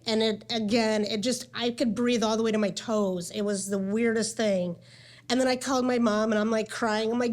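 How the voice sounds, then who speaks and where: A woman's voice: on the high side, fairly even intonation, normal speed, darkish tone. A woman in her forties gives a candid, conversational talk at a medical conference, telling her own story and speaking with frequent "um" and "like". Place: conference session room.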